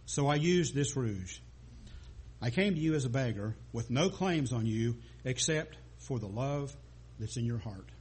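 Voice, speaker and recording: A man voicing a kindly king with a twinkle, explaining gently and slightly husky. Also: mid-range voice, lively intonation, a little slow. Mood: gentle.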